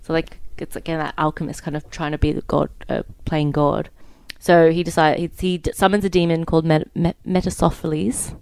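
A woman's voice: deep voice, a little mellow, dry recording. A young woman in her twenties co-hosting a casual podcast, telling a story in a chatty way with lots of fillers. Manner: chatty, many fillers, laughs easily. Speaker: podcast co-host.

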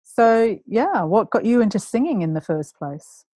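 A woman's voice: on the high side, very animated, unhurried, dark tone, no echo. A woman hosting a podcast, introducing her guest in an upbeat, chatty way. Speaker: podcast host. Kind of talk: casual podcast interview.

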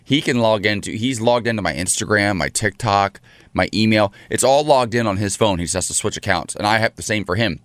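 Guy cohost in his 30s, low pitch, acts out quotes, story mode. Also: brisk, a bit bright, no echo. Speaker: co-host. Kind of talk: casual chat.

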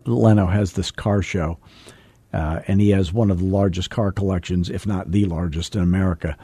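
Low-voiced joking male podcast host. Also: dark tone, breathy edge, no echo. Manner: joking, folksy storyteller. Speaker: podcast host and real estate coach. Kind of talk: casual coaching chat.

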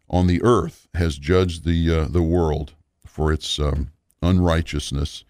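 A man with a very low voice teaches scripture at a measured, explanatory pace, pausing with small fillers. The sound is dry and close, with no room around it. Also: a little mellow, dry recording. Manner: slow, deliberate, explanatory, with fillers. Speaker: Bible teacher. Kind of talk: radio Bible teaching.

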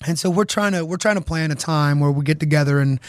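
A man's voice: on the high side, fast, dry recording. A man who is a singer, chatting loosely and laughing as a guest in a radio studio. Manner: laughing, rambling storyteller. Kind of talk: casual chat and live singing.

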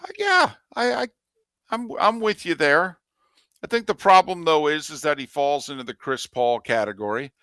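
A man's voice: fairly high pitch, expressive, moderate pace, pushed and bright, clear, resonant tone, dry recording, clean studio sound. A man co-hosting a sports radio show, giving emphatic opinions in casual sports talk.

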